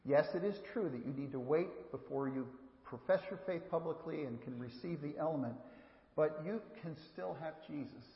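A man's voice: a little high, moderate pace. A man giving a sermon as pastor, earnest and repeating words for emphasis, often speaking straight to the children. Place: church sanctuary. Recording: echoey hall, dull lo-fi sound.

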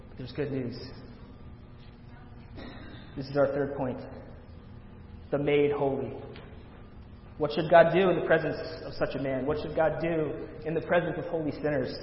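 A man's voice: fairly even intonation, moderate pace, long pauses, a little hiss or hum. Man preaching in an echoey hall. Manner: dramatic swells of volume on scripture, hushed low endings. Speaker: pastor. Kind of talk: sermon. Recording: echoey hall, dull lo-fi sound.

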